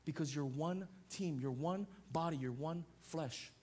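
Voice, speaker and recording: Emphatic preaching man, higher voice. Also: a little slow, a little mellow. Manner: emphatic preaching with repeated parallel phrases. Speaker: pastor. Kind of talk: sermon.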